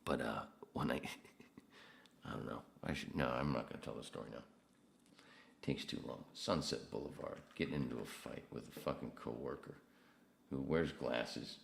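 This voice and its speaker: A man's voice: very deep voice, normal speed, creaky, slight background noise. A man hosting a podcast, telling rambling, profanity-laced stories in a casual way. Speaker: podcast host. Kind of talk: casual storytelling.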